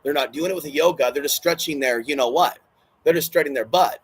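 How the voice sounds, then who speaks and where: A fast-talking man with a fairly high, husky voice vents to his camera in an emotional, rambling vlog, repeating himself and swearing. He sounds distressed and hurt, and the recording is low quality.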